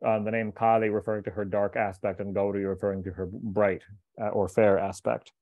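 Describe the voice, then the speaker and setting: A man's voice: lowish voice, flat delivery, no echo, phone-quality sound. Man reading scripture in a dry voice. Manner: measured, deliberate reading with brief explanatory asides. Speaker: scripture reader and teacher. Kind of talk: reading a translated scripture aloud with commentary.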